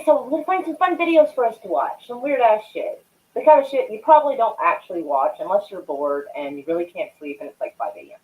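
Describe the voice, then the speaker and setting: Young woman streamer, casual rambling chat, lively swooping voice, swears freely, thin phone-like sound. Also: medium pitch. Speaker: livestream host. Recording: tinny phone-like audio.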